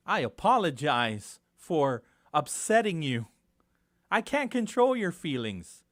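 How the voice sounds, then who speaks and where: A man with a Guam accent hosting a casual morning radio talk show, animated and indignant, moving between quiet asides and loud outbursts in a studio. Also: fairly high pitch, slow.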